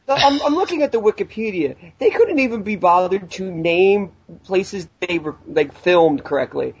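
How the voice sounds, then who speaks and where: A man with a husky, somewhat high voice, chatting on a podcast in a blunt, sarcastic way and swearing freely. The sound is dull and lo-fi. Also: lively intonation, normal speed. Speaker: podcast co-host. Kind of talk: casual movie review chat. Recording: dull lo-fi recording.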